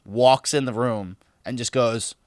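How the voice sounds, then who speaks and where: A man's voice: mid-range voice, unhurried, dry recording. A man co-hosting a podcast, telling a story in casual, profane chat and laughing as he goes. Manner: animated, profane, laughs while telling stories. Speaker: podcast co-host.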